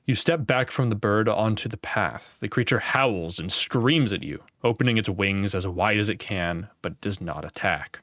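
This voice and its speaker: A man's voice: on the low side, normal speed, few pauses, fairly bright tone, no room sound, clean studio sound. A young man reading a gamebook aloud and playing along, with casual, wry remarks and the odd swear. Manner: casual, wry, swears and laughs at his own slips. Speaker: gamebook player and channel host.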